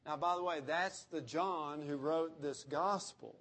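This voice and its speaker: A man preaching an expository sermon, slowing down to quote scripture and stressing key words. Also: fairly high pitch, fairly bright tone, slightly rough. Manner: emphatic, slows down to quote scripture. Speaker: pastor.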